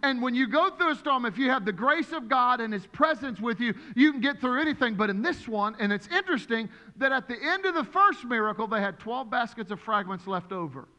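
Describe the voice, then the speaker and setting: A man preaching a sermon as pastor, telling stories in an animated way and acting out the voices of the people in them. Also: very high-pitched, brisk, hardly any pauses, highs cut off. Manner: animated, storytelling with acted-out voices. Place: church sanctuary. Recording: long hall reverb.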